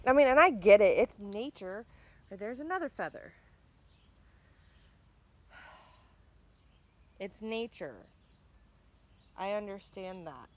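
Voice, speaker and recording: A woman's voice: mid-range voice, expressive, slow pace, long pauses, a little hiss or hum. A woman vlogging outdoors by her chicken pen near the woods, talking casually and angrily with some swearing, filmed on a handheld phone. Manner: angry and upset, swears, keeps saying "bam". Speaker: farm vlogger. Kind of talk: casual walk-and-talk vlog.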